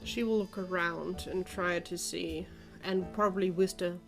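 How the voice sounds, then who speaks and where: A woman's voice: lowish voice, fairly even intonation, measured pace, faint music behind. A woman playing in a tabletop game, hesitantly describing what her character does. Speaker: player. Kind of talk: tabletop role-play.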